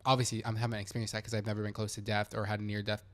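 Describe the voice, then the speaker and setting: A man's voice: lowish voice, racing. A young man from San Antonio, Texas, hosting a casual podcast, telling a story with swearing and acted-out quotes. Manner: animated, swearing, acts out quoted voices. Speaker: podcast host.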